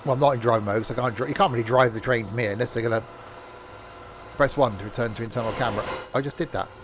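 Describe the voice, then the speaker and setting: A man's voice: mid-range voice, racing, noisy background. A man streaming a train simulator, talking in casual, rambling commentary full of fillers and self-mocking asides, from a home setup.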